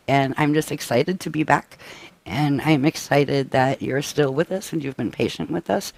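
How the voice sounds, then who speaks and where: A man presenting a live-stream workshop briefing, tired and coughing, with his voice giving out and frequent halting restarts. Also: on the high side, gravelly. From United States. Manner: tired, up all night.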